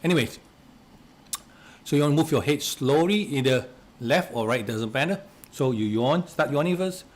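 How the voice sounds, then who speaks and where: A man leading simple relaxation exercises step by step. He talks hesitantly, restarts and repeats words, coughs now and then, and goes soft and quiet while guiding. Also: fairly high pitch, expressive, normal speed. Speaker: relaxation instructor.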